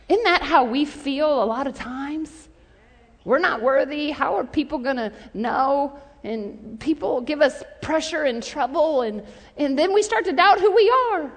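A woman's voice: high voice, lively intonation, moderate pace, in a large hall. A woman pastor preaching a sermon in a chatty storytelling way, calling on the congregation to respond. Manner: conversational storytelling, calls for audience response.

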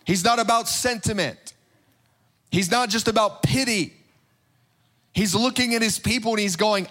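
A man's voice: sits high, a little slow, a bit bright. A man preaching a sermon in a fervent, emphatic way, building his points through repeated phrases.

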